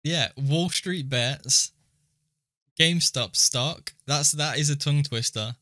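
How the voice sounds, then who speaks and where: Bright man hosting a podcast. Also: on the high side, slow pace, no echo, studio quality. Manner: explains things step by step. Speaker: podcast co-host. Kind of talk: casual podcast chat.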